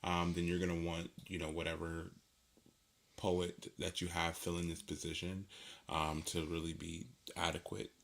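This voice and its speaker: Deep-voiced man with a bright edge, loose and chatty with lots of fillers. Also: monotone, moderate pace, vocal fry. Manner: rambling, many fillers and restarts; laughs easily. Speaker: podcast co-host. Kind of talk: casual conversation.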